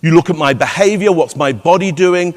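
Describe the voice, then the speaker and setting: A man's voice: on the high side, fairly quick, darkish tone. A man giving a live conference keynote, playful and teasing the audience with rhetorical questions. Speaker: keynote speaker. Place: large conference hall. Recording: long hall reverb.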